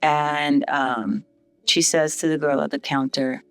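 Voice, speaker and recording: A woman's voice: low-pitched, takes it slowly, soft background music. A middle-aged woman from St. Vincent, a hospital CEO and podcast guest, telling her life story casually. She brings the story to life by acting out other people's lines. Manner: lively storyteller who acts out other people's quoted lines in a raised voice.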